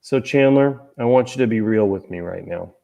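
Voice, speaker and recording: A man's voice: lowish voice, normal speed, creaky, mellow. A man hosting a casual livestream chat, rambling and joking, talking from outdoors near a golf course. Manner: rambling, easily distracted, joking. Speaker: host and author.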